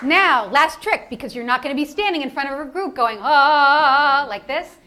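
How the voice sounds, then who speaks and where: High-voiced woman coaching a breathing workshop. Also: expressive, brisk, noisy background. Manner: coaching, encouraging, playful. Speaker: public speaking instructor. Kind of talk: live voice workshop with audience exercises. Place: lecture hall with audience.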